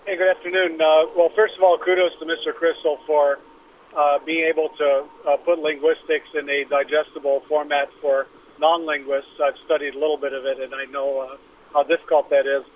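A man's voice: on the high side, flat delivery, a little fast. Polite male caller on a phone line. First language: French.

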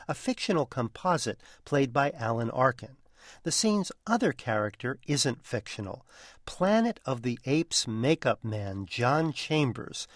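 A man reading a scripted film review in a wry, measured way. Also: mid-range voice, dry recording, studio quality. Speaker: film critic.

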